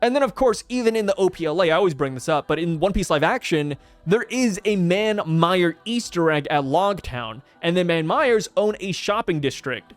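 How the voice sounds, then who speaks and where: A man casually reviewing a comic chapter, chatty and excitable, with many fillers and acted-out quotes. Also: high voice, normal speed, hardly any pauses, faint music behind. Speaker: manga reviewer. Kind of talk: casual commentary.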